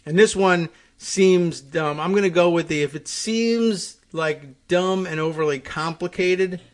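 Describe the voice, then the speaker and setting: Talk host guy riffing on air, wry and rambly, kinda high voice, laughs a lot. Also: a little slow. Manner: rambling, wry, chuckling, many fillers and restarts. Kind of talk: casual monologue reading and riffing on air.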